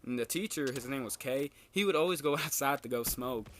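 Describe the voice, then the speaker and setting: A man's voice: brisk, a bit bright, slight background noise. Laid-back young man telling a story. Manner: laid-back slangy storytelling, swears a lot, jumps high for quoted lines. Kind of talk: casual storytelling.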